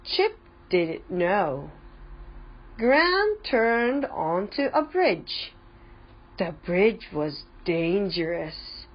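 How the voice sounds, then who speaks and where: A woman reading a children's storybook aloud in a slow, carefully paced, expressive way. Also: medium pitch, husky. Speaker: storybook reader. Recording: dull lo-fi recording.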